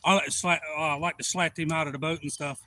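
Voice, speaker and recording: A man hosting a fishing livestream, telling a rambling, folksy story that turns loud and excited. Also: on the high side, fast talker, no room sound, poor audio.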